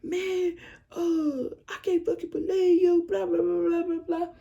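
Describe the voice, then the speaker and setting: A woman putting on a shrill, mocking voice for a frantic young boyfriend who yells in a panic. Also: little pitch movement, a little slow, gravelly, lo-fi sound, exaggerated voice. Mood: frantic yelling. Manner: shrill, squealing mockery.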